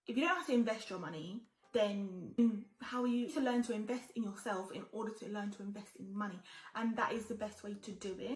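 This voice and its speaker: A woman's voice: medium pitch, echoey room. A woman in her twenties chatting casually while getting ready, giving blunt, emphatic advice and swearing freely. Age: 20s. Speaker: lifestyle vlogger. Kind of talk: casual get-ready-with-me chat.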